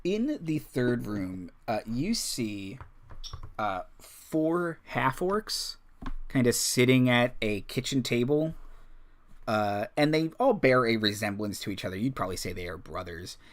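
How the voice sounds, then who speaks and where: A man's voice: mid-range voice, big pitch swings, unhurried. A man narrating a tabletop role-playing game as game master, in a loose, casual manner with fillers.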